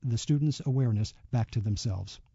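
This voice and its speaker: A man being interviewed as a yoga teacher, speaking reflectively and telling a story with many pauses and fillers. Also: medium pitch, gravelly, dark tone, breathy edge, no echo, muffled recording. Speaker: yoga teacher and author, guest. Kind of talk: radio interview.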